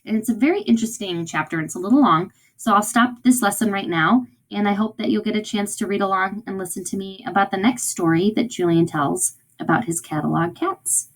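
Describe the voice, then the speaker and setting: A woman's voice: medium pitch, a little fast, few pauses. A woman teacher giving a recorded read-aloud lesson to young children in an encouraging way, often checking in with them.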